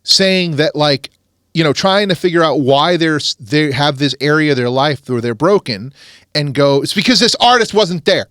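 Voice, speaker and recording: A man hosting a podcast, telling a story in a lively, rambling way with quick restarts. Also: on the high side, clear, resonant tone, no room sound, studio quality. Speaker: podcast host. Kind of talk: casual storytelling chat.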